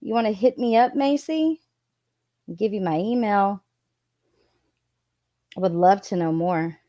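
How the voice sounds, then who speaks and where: A woman's voice: medium pitch, unhurried, dark tone, no echo, muffled recording. A woman hosting a live stream, reading text messages aloud and chatting with viewers, now and then scolding chatters. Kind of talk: casual live-stream commentary.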